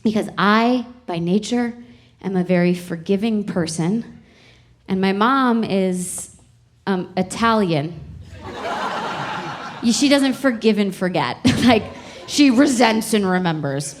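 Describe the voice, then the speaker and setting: A woman's voice: mid-range voice, animated, slow pace, long pauses, noisy background. A young woman doing a stand-up comedy set, telling stories in a chatty, exasperated way with playful emphasis, on a club stage mic.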